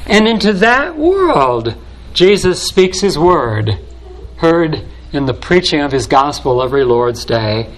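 A man preaching a sermon in a slow, deliberate way, building solemn repeated phrases. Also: on the high side, sing-song, low-quality recording.

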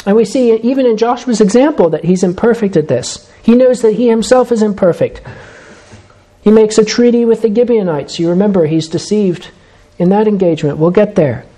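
A man preaching a sermon, measured and emphatic, slowing down to stress key phrases. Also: high voice, dark tone.

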